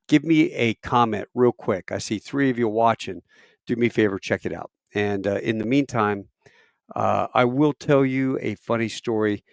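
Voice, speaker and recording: On a live stream picked up by a camera mic, a man who works as airline crew chats casually, rambling through stories with fillers and restarts. His mid-range voice is creaky, and the recording is dry with clean studio sound.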